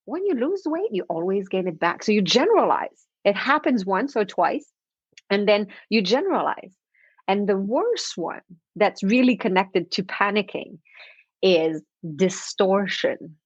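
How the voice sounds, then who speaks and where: A woman guest on a podcast interview, explaining with animated everyday scenes and frequent laughter. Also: medium pitch, moderate pace, husky, no echo, muffled recording. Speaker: confidence expert guest.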